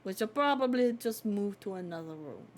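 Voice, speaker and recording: A woman's voice: medium pitch, expressive, moderate pace, darkish tone, a little hiss or hum, natural voice. A woman voicing a prim, earnest male lawyer from a game in a formal, polite manner. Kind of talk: reading a game aloud on stream.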